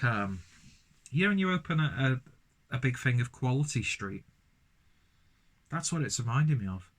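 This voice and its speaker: A man's voice: mid-range voice, fairly bright tone. A man casually reviewing a beer, rambling with lots of fillers and restarts.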